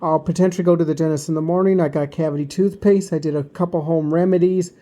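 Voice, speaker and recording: Mellow-voiced man rambling through a story. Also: a little high, steady tone, quick pace. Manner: rambling, loose, full of fillers and restarts. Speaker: vlogger. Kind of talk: casual storytime vlog.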